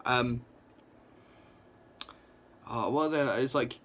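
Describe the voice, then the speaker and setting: Rambling young man with a bright voice. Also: mid-range voice, slow pace. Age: young adult. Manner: rambling, excitable, many fillers and restarts. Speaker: comic book reviewer. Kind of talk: casual video review.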